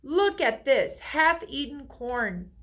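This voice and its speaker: A woman's voice: high-pitched, very animated, takes it slowly, fairly bright tone, voice pushed up, full character voice. Stern farmer, as a woman reads him. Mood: scolding. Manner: scolding. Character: stern grumbling male farmer.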